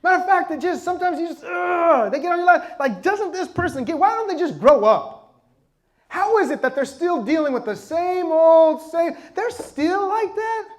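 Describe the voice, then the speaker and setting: A man with a notably high-pitched voice delivers a sermon with lively, conversational energy. He jokes and laughs with the congregation and keeps pulling them in with questions. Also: moderate pace. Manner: lively conversational preaching with constant audience questions. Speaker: pastor.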